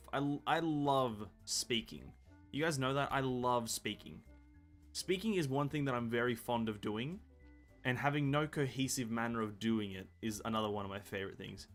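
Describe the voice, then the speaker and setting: Low-pitched but a bit bright, a gaming streamer's voice carries a casual live-stream ramble. He swears freely, jokes at his own expense, and stumbles over words while reading game text aloud.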